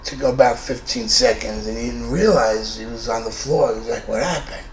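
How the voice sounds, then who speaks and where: A man's voice: mid-range voice, normal speed. A man in his fifties from New York with a New York accent, telling a true story in a blunt, profane, conversational way. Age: 50s. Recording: roomy room with faint noise.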